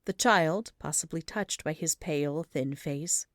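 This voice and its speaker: This audiobook reader is a woman whose voice sits low, telling the story in a measured, even way. The recording is dry and clean, with studio quality.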